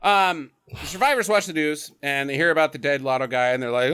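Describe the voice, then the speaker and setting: A man's voice: a little high, fairly quick, clear, resonant tone. A man hosting a podcast, giving a casual, comedic movie recap with swearing and acted-out lines. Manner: animated, swears, acts out characters' lines. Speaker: podcast host.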